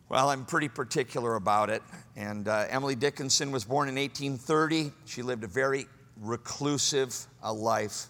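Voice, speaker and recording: A man preaching a sermon, swinging from loud, high exclamations to hushed, low asides. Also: normal speed, in a large hall. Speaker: pastor.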